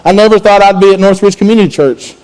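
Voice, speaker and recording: High-voiced preacher, casual and restless. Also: male voice, quick pace, darkish tone, clear, resonant tone, rough recording. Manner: conversational, repeats words and restarts often. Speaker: student pastor. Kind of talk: sermon.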